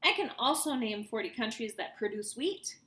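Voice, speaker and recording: A woman's voice: fairly high pitch, lively intonation, moderate pace, bright, forceful tone, pitched above the performer's own voice. A woman voicing a know-it-all young schoolboy genius who is cocky and rattles off facts. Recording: roomy echo.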